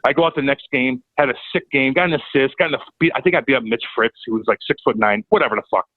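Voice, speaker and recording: A man telling a profane, animated story as a podcast guest. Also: medium pitch, quick pace, dry recording, narrow, tinny audio. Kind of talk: casual storytelling.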